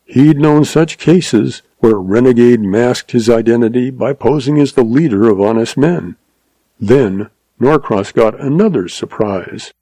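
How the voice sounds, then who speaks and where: A man narrating a western audiobook in a steady storytelling voice. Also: mid-range voice, a little slow, no echo, low-quality recording.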